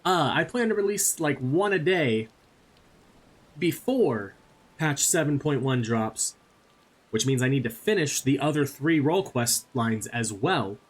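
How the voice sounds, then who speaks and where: Rambling, husky-voiced male gamer. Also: medium pitch, lively intonation, measured pace. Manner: rambling, self-deprecating, thinks aloud. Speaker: gaming channel host. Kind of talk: casual gameplay commentary.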